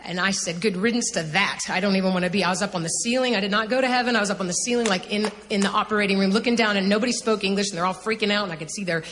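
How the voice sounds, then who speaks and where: A middle-aged woman from the United States giving a personal testimony in an earnest, halting, emotional way. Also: mid-range voice, fairly bright tone, a little hiss or hum. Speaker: testimony speaker. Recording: long hall reverb, faint ambience.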